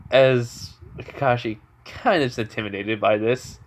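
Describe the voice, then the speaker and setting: A man's voice: mid-range voice, unhurried. Rambling young man telling a fan story. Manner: rambling, filler-heavy, chuckling. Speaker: amateur storyteller. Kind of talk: casual improvised fan story narration.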